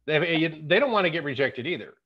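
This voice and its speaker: A man in his fifties hosting a casual podcast chat, animated, slipping into jokey accent impressions. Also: on the high side, fast, husky, highs cut off. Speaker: podcast host.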